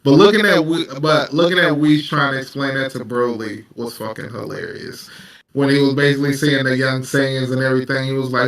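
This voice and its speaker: Male host, bright and laid-back, recorded a little off-mic in an echoey room. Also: medium pitch, steady tone, brisk, far from the mic. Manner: laid-back, laughing, profane. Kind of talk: casual anime discussion.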